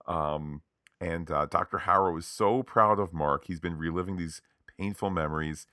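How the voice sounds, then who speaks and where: A male podcast co-host with a deep, bright, forceful voice walks through an episode, often pausing on "uh." The sound is dry and close. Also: no room sound. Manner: conversational, with frequent "uh" fillers. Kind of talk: episode recap narration.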